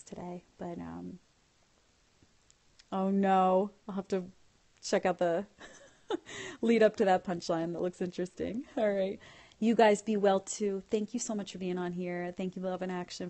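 Woman, lowish voice, livestream host on a phone, gushing thanks to her viewers. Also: darkish tone. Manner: effusive, thanking viewers and blowing kisses. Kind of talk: casual livestream chat, reading out viewer comments.

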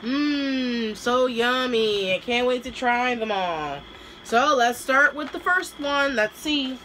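A woman's voice: a little high, slow, bright, forceful tone, a little hiss or hum, poor audio. A woman vlogger chatting casually and hesitantly as she unboxes and taste-tests snacks, with many fillers. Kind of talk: casual taste-test vlog.

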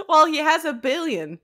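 A woman's voice: high-pitched, huge pitch swings, takes it slowly, bright, forceful tone. A woman co-hosting a casual book discussion podcast, retelling scenes animatedly and laughing often. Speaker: podcast co-host.

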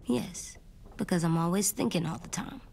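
A woman voices a troubled, earnest young boy in a video game, speaking in a hushed, halting, childlike manner over game music. Her lowish voice is gravelly, husky and exaggerated, with lively intonation.

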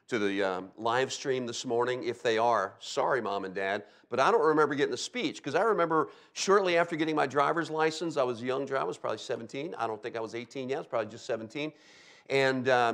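This middle-aged Delaware man, a pastor, preaches with a mid-range voice that has a bit of brightness. His sermon is built on stories, complete with sound effects and frequent "okay?" checks, and he hails from Delaware, USA.

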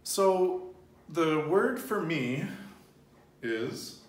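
A man's voice: on the high side, animated, drawn-out words. Man teaching Spanish in a roomy space. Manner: patient, prompting the learner, repeats answers. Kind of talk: casual language lesson. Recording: roomy, distant mic with faint noise.

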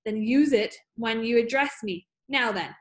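A woman's voice: fairly high pitch, unhurried, echoey room, close to an everyday voice. A woman reading an audiobook, voicing a huge bullying female headmistress who barks, bellows and sneers. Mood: bellowing.

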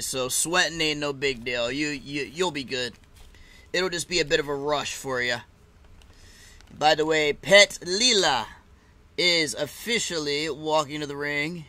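A man's voice: a little high, sharp tone. A man casually chatting and laughing as he reacts live to a fight card, with loose, swearing banter.

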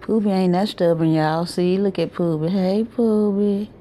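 Noisy hospital ambience surrounds this handheld phone vlog, where a tired middle-aged woman from Alabama, speaking with a Southern US accent, chats directly to viewers as she walks through hospital corridors and rooms. Her lowish, mellow voice holds a steady tone at a moderate pace, casual despite being worn out.

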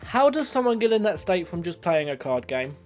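A man's voice: high voice, big pitch swings, brisk. Male commentator, sarcastic and exasperated, with faint background music. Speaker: video commentator. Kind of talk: comedic commentary.

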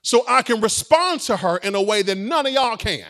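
A male pastor delivers his sermon in a high, animated voice that swoops up and down. He talks to the congregation like friends, with playful asides, and calls for them to answer back. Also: normal speed. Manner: conversational preaching with playful asides and call-and-response.

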